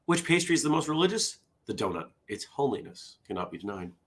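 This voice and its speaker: Lively low-voiced man hosting casual morning chat. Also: brisk. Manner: rambling and self-interrupting, drifts into side stories between jokes. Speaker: morning show host. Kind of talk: casual solo morning chat, reading jokes aloud.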